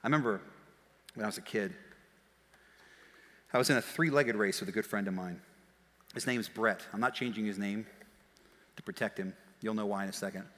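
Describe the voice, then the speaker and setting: A man preaching a sermon as pastor, telling stories in a lively way that swings from quiet asides to shouts. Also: on the low side. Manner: animated storytelling, shouting and quick laughs. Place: church auditorium. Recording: long hall reverb.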